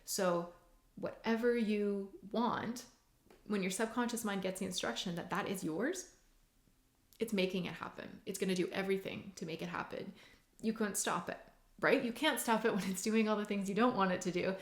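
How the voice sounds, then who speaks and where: Brief: woman coach, conversational and earnest, mid-pitched voice, roomy echo. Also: moderate pace. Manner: conversational, many "like" and "right?" tags, earnest. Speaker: hypnotherapist and mindset coach. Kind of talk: casual teaching monologue.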